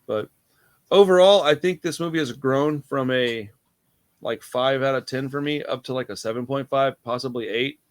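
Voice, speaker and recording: A man's voice: medium pitch, moderate pace. A young man hosting a casual movie review chat, laid-back and rambling, calling his friend dude and bro. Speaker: host.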